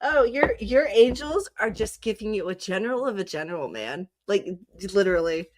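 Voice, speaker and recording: A woman's voice: mid-range voice, lively intonation, moderate pace. A woman from Southern California giving a casual, chatty tarot reading, often breaking into laughter. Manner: giggly, chatty, frequent laughter. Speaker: psychic reader.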